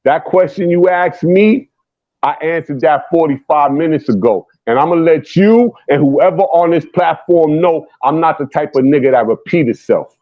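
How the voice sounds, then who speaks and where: Slow emphatic man, dull audio. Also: on the high side, no echo. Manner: slow, emphatic, streetwise slang. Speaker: podcast guest. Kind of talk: heated argument. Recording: dull lo-fi sound.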